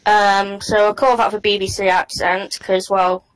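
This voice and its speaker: An English woman co-hosting a podcast, talking casually and pausing to search for the right words. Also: mid-range voice, level tone, clean tone, low-quality recording. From England. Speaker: podcast co-host.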